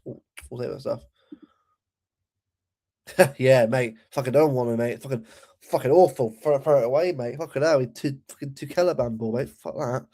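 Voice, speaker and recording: A man's voice: medium pitch, normal speed, pauses often, warm tone. A young man giving a heated, sweary football rant, often repeating and restarting his words. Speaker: football channel host.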